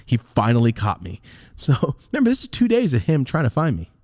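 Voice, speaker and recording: A young man hosting a podcast, telling a personal story in a casual, profane, animated way with a close, dry sound. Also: a little fast, dry recording. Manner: animated, profane, swinging wildly in pitch. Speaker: podcast host.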